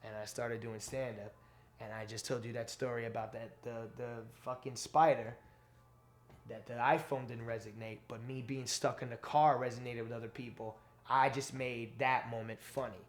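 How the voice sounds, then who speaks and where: A male stand-up comedian, telling stories in a casual interview, animated and profane, acting out quotes. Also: medium pitch, normal speed.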